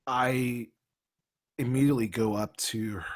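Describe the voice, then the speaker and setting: A man's voice: sits low, normal speed. A man playing a tabletop game, hesitant and stammering as he speaks. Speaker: player.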